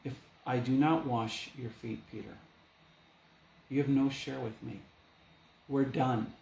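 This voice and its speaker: A man preaching a sermon as a pastor, in a lively, conversational way, full of rhetorical questions. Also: mid-range voice, slow pace, gravelly, pauses often. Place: church. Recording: echoey church room.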